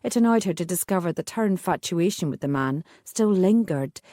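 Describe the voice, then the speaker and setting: A woman narrates a historical romance in a measured, steady storytelling voice. Her tone sits low and mellow. The sound is close and dry, with no room around it. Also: no echo. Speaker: audiobook narrator. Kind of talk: scripted narration.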